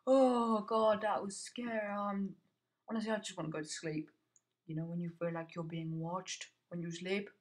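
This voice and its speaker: A man's voice: high-pitched, flat delivery, moderate pace. A teenage boy giving casual gameplay commentary. He mutters to himself, swears, and yelps whenever something startles him. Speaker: gamer.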